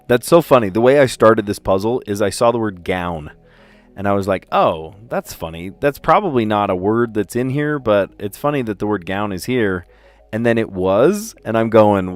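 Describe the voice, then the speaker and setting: A man hosting a livestream, chatting casually and playfully as he recaps the day's word puzzles. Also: fairly low pitch. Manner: chatty and playful, often laughing at his own stories.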